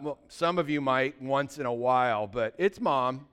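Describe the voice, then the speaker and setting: A man preaching a sermon as pastor, swinging between loud, excited bursts and quiet, low asides. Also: measured pace, clear, resonant tone.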